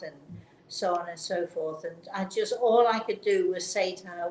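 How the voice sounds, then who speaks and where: Picture a woman hosting a talk show, sharing a personal story in a gentle, earnest voice that often stops and restarts. Her voice carries a roomy echo, and a faint hum sits underneath. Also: on the low side, moderate pace. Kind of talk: casual chat, personal storytelling. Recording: roomy sound with faint background noise.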